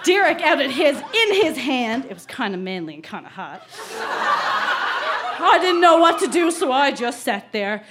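A woman with a Newfoundland accent reading her childhood diary aloud on stage, laughing through her lively delivery. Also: high-pitched, moderate pace, very noisy. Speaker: reader at a live storytelling show. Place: live venue stage.

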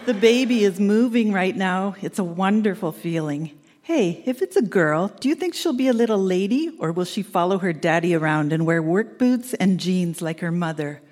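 A woman's voice: lowish voice, expressive, normal speed, darkish tone, long reverb tail. Young woman with teasing, giggly delivery. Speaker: letter writer. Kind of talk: reading old tape letters aloud.

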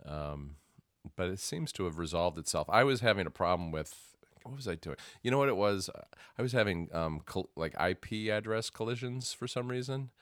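Low-voiced man rambling in casual chat. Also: animated, normal speed, no room sound, studio quality. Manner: rambling, self-correcting, restarts sentences. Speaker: podcast co-host.

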